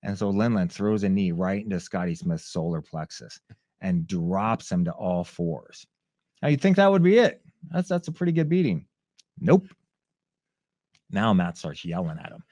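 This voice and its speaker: Low-voiced man telling a lively story. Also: normal speed, dry recording. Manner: lively storyteller who acts out other people's shouts. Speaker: guest, former fighter. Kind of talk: animated storytelling in a conversation.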